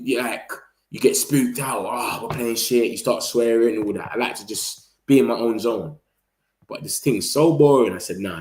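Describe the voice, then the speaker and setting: A man's voice: medium pitch, darkish tone. Slangy young man, echoey room. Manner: rambling, slangy, reacts to the match. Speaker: football vlogger. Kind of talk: casual live-stream chat.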